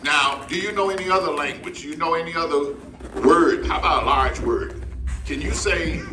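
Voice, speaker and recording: A man's voice: on the high side, moderate pace, recorded from a distance. A man performing as a ventriloquist for children, coaxing his puppet in a playful way. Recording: echoey room with loud noise.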